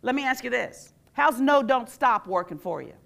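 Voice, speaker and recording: Lively woman teaching a workshop. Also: a little high, normal speed, creaky. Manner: animated, quizzes the audience with call-and-response questions; acts out quoted phrases in playful voices. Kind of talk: live interactive workshop talk.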